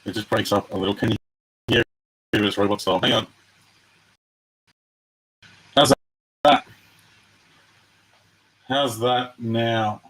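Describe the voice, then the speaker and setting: A man's voice: on the low side, slow pace, pauses often, poor audio. Chatty man hosting a live card break. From Australia. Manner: chatty, excitable, talks to viewers. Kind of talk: casual live-stream commentary.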